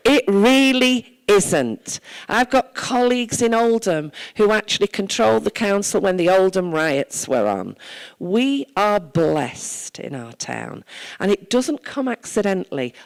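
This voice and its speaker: A woman's voice: on the low side, vocal fry, darkish tone, poor audio. A woman from Wales, a town mayor, giving an earnest, conversational address at a church service and telling stories from her own life.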